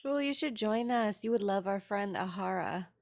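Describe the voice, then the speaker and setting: A woman voicing an excitable, cheerful tiefling girl who talks about herself in the third person, in an eager, bubbly manner. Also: medium pitch, moderate pace, no echo, clean studio sound, pitched above the performer's own voice, natural voice.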